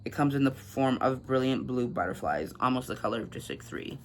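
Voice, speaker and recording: A man's voice: medium pitch, expressive, fairly quick, a little hiss or hum. A man casually recapping a novel for a book vlog, reading passages aloud and chatting with lots of fillers. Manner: chatty, filler-heavy, laughs at grim scenes. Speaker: book vlogger.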